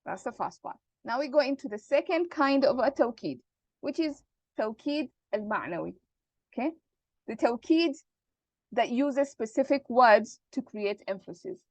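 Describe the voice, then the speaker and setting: A woman teaching Arabic grammar in an online class, explaining slowly and checking that students follow. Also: a little high, expressive, no echo. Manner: patient, repeats points and checks understanding.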